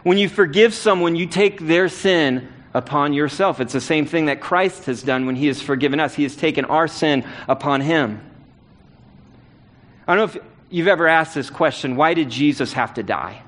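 A man's voice: a little high, moderate pace, a bit bright. A man preaching a sermon, telling a self-deprecating personal story in a casual, conversational way. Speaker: pastor.

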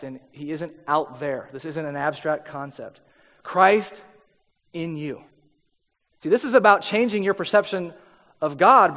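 High-voiced man preaching in an echoing hall. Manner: earnest, emphatic preaching with dropping phrase endings. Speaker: pastor. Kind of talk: sermon. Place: church sanctuary. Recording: hall reverb with faint music.

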